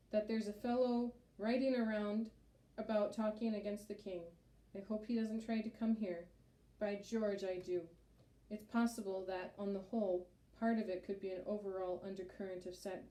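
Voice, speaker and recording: A woman's voice: medium pitch, dark tone, lightly acted. A woman reading aloud, voicing a fussy, blustering male town mayor who bellows and speaks pompously. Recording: roomy echo.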